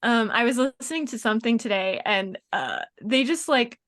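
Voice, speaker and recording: A woman hosting a book podcast and running a quiz, giggly and quick to agree. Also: a little high, lively intonation, a bit bright, no echo. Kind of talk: casual chat.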